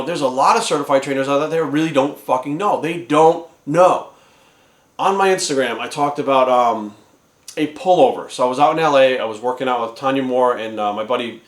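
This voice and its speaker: A fitness trainer ranting angrily at the camera, swearing constantly and sounding exasperated. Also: male voice, on the high side. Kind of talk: profane ranting vlog. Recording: echoey room.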